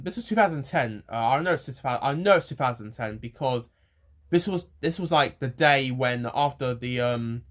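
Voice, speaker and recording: Rambling young man ranting. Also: medium pitch. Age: young adult. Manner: rambling, halting, swears freely. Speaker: vlogger. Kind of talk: casual rant to camera.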